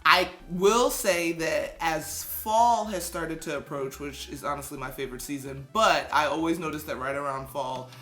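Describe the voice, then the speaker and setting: A chatty woman with a bright, forceful voice, rambling cheerfully through quick questions. She laughs easily, and the sound is echoey with faint music underneath. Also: deep voice. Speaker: co-host. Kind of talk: casual chat.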